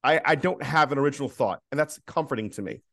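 A man's voice: medium pitch, animated, fast talker, gravelly, a bit bright, no room sound. Man, podcast co-host, casual chat, rambling, teasing, dry close sound. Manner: rambling, teasing, with many restarts.

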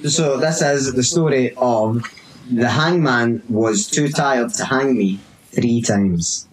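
A man's voice: medium pitch, slow pace, crowd noise, rough recording. A man telling a story to friends in casual podcast chat, loose and laughing, reading bits aloud with asides. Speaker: podcast co-host.

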